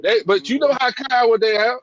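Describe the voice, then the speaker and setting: A man's voice: extremely high pitch, a little fast, highs cut off, crowd noise. Folksy male livestream host. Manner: loose, folksy, drawls "y'all". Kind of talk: casual preaching commentary.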